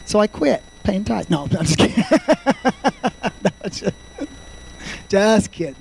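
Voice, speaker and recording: 50s pastor guy preaching, high voice, gets loud then quiet telling stories, faint hum behind. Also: a little slow, vocal fry, poor audio. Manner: fervent preaching, swings from loud shouts to quiet storytelling. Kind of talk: sermon.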